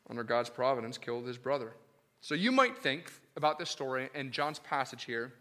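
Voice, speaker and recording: A male pastor preaching a sermon in an animated, emphatic, conversational way. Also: medium pitch, a little fast.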